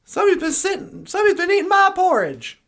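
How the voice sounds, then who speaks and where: A woman voicing a carefree, bossy papa bear in a told fairy tale, speaking loudly and offhandedly. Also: extremely high pitch, very animated, quick pace, pitched above the performer's own voice, heavily acted.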